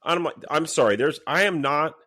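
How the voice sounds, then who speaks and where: A man's fairly high voice moves at a moderate pace as he, a former cop, recounts a story on a casual podcast. Animated throughout, he swears freely and acts out what people said.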